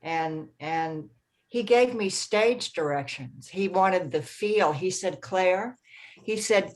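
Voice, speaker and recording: Low-voiced woman with a Southern drawl. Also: slow. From American South. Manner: lively, chatty storytelling. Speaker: book club member and narrator. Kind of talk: casual video-call chat.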